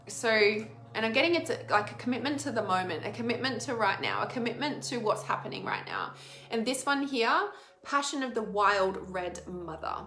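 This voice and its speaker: A chatty woman giving a casual oracle card reading, rambling along with plenty of "like" and frequent laughter. Her voice sits a little high and sounds bright and forceful. The room is echoey, with soft music underneath.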